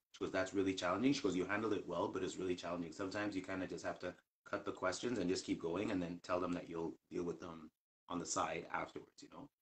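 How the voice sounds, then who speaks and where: A man's voice: low-pitched, fairly bright tone. A man in a casual live chat, telling a long work story in a rambling way, full of fillers and restarts.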